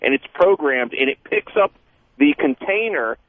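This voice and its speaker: A man's voice: a little high, very animated, moderate pace. A man calling in to a talk radio show, earnestly rambling through an explanation. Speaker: caller. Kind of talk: phone call to a talk show. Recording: tinny phone line.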